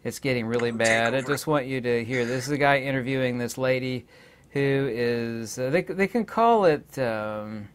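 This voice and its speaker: A man hosting his own channel, talking in a rambling, indignant way and pausing on many filler words. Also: medium pitch, background noise. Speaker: channel host. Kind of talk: rambling casual monologue.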